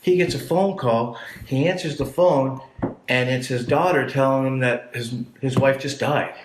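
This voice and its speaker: This man from Canada, a guest on a podcast, tells his life story in blunt, profane, casual language and acts out the voices of characters in it. His voice is mid-range at normal speed, recorded in an echoey room with a little hiss or hum.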